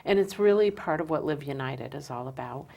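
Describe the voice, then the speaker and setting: A woman's voice: low-pitched, expressive, fairly quick, creaky, warm tone. A woman hosting a community talk show, speaking earnestly to the audience with frequent "um" fillers.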